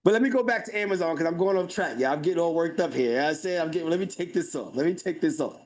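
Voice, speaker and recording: A man giving a live webinar sales pitch, hyped and talking straight to the chat, repeating his phrases for emphasis. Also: lively intonation, fast. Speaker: webinar presenter.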